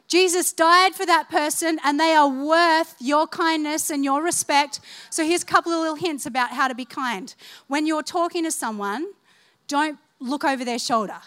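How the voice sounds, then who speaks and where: A woman preaching a sermon, telling funny stories, laughing along and calling on the congregation to respond. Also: sits high. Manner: animated, humorous, laughing through stories. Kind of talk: sermon with storytelling.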